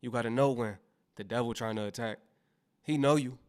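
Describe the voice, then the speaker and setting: Male reaction host, preachy and motivational, mid-pitched, faith-minded. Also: brisk, a little mellow, smooth. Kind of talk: reaction commentary.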